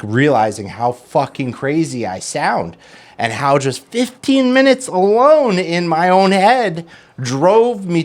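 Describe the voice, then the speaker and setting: Animated man telling a story with swearing. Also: mid-range voice. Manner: animated, swearing, acts out quotes. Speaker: podcast co-host. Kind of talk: casual storytelling in recovery talk.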